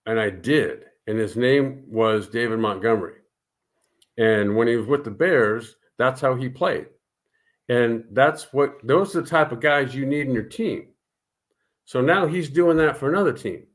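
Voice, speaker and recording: A man with a mid-range voice co-hosting a casual sports talk show. He builds his argument in a steady, measured way and drives it home with short, firm sentences. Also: medium pitch. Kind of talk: casual sports radio chat.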